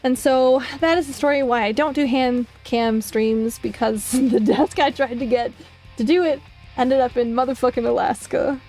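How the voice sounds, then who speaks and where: High-voiced swearing woman streamer. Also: normal speed, faint music behind. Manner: swears a lot, animated storytelling with mocking voices. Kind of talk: casual chat while drawing on stream. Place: home streaming setup.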